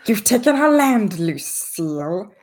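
A woman's voice: medium pitch, sing-song, unhurried, very noisy. Woman doing a pushy frog-man raider. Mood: demanding.

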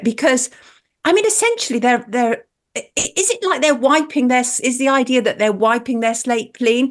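A woman hosting a news talk radio show, speaking in an earnest, measured way. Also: a little high.

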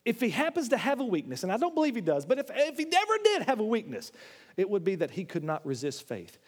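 A man preaching a sermon in a church, animated, swinging between loud, high exclamations and low, quiet asides. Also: quick pace. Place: church sanctuary. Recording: long hall reverb.

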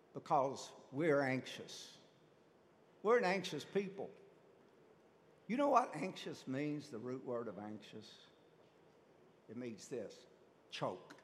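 Animated preacher in a reverberant hall. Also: male voice, medium pitch, slight background noise. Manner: animated, rhetorical questions to the congregation. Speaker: pastor. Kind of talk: sermon.

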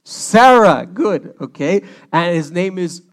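A man preaching a sermon as pastor, animated and joking, acting out the quotes he reads. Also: high voice, takes it slowly. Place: church, streamed online.

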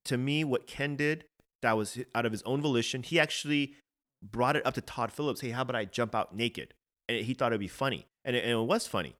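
A man's voice: medium pitch, quick pace, fairly bright tone. Earnest man with a mid-range voice. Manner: earnest, repeats words when starting a thought. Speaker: podcast co-host. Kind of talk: casual opinionated discussion.

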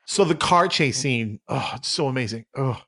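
A man co-hosting a comedy podcast, rambling through made-up facts in deadpan improvised banter. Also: medium pitch, normal speed, husky. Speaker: podcast co-host.

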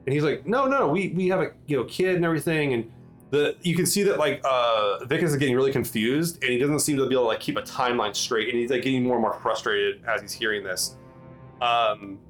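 A man narrating as game master at a mid pitch, halting through his story with plenty of ums and restarts. Faint music plays quietly behind him. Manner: halting, filler-heavy narration with many restarts.

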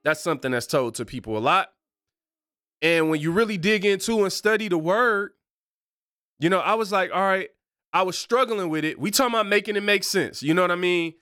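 A man preaching a sermon in a conversational, animated way, with rhetorical questions. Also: high-pitched, brisk, smooth, dry recording, studio quality.

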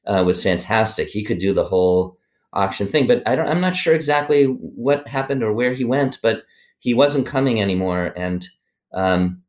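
A middle-aged man, a former organization president, answering interview questions in a rambling, self-deprecating way with many fillers and restarts. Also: fairly low pitch. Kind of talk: conversational podcast interview.

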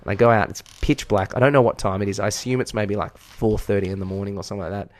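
A man's voice: fairly low pitch, fairly even intonation, rapid-fire. An Australian man, a podcast co-host and part-time teacher, telling a rambling, self-mocking story in casual chat and swearing freely.

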